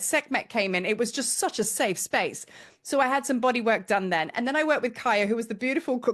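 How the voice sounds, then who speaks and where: A middle-aged woman with a fairly high voice tells a personal story straight to camera. She is a spiritual teacher. She talks in a chatty, emotional way and acts out her own lines. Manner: chatty, emotional, animated quoting of herself. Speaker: spiritual teacher and tour leader.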